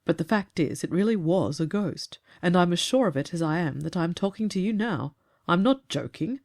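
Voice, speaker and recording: A woman voicing a calm, earnest grown man who tells of catching a ghost, in a storybook reading. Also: on the low side. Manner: measured, earnest, slightly aggrieved.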